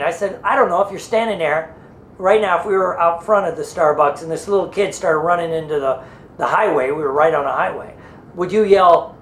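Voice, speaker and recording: A man's voice: high voice, brisk, reverberant, slight background noise. A man who trains people in hypnosis and NLP, teaching through a loose, rambling story and acting out what people said.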